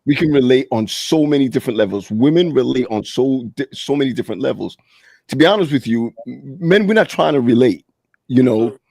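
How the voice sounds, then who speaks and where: A man's voice: medium pitch, lively intonation, fairly quick, vocal fry, darkish tone, dry recording. Reflective man in a dry room. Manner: reflective, stammers on restarts. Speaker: panelist. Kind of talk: casual group chat.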